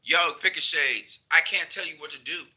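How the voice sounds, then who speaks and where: A man's voice: fairly high pitch, moderate pace, pushed and bright, rough recording. A man ranting in a casual video commentary, heated and emphatic, repeating his points. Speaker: vlogger.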